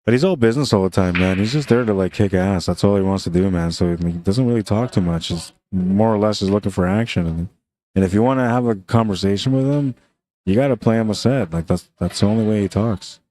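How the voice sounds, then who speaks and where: A man with a low, dark, mellow voice calls a pool match in a relaxed, chatty way. He talks casually to viewers, tossing in "man" and easy asides between shots. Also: a little fast, slight background noise. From Canada. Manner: laid-back, chatty, says "man" often. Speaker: pool commentator. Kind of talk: casual live commentary.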